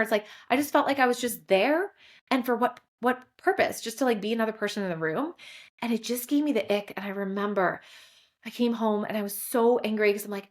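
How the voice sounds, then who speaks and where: A woman's voice: on the high side, a little fast. A woman in her forties hosts a solo podcast, telling her story openly and with feeling. Her speech is loose and conversational, full of small fillers, and at moments she sounds close to tears. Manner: candid, emotional storytelling with many fillers. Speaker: podcast host.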